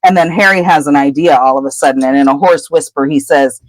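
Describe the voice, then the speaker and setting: A woman co-hosting a podcast, retelling a book chapter in casual chat with lively storytelling. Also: sits low, fast, few pauses, no room sound, poor audio. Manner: animated storytelling. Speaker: podcast co-host.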